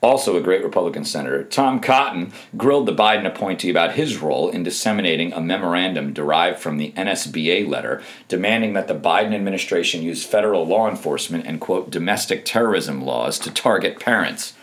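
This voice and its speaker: A man's voice: low-pitched, quick pace, hardly any pauses, a bit bright. A man delivering an emphatic, scornful opinion monologue as a political commentator, reading out quotes and cutting in with remarks.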